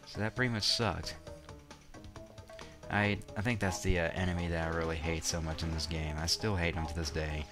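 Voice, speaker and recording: A man's voice: low voice, fairly even intonation, moderate pace. A young man casually commenting on his own gameplay, rambling with lots of fillers and restarts and some crude words. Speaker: let's play commentator. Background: game music.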